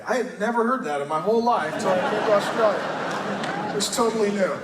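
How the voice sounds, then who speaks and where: Pastor in his thirties, quick comic anecdotes, high voice, far from the mic in a big echoing auditorium with noise. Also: a crowd in the background. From United States. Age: 30s. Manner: joking, animated storytelling. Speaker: pastor, guest speaker. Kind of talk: on-stage interview. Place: large auditorium. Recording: roomy hall, picked up from far off, audible noise.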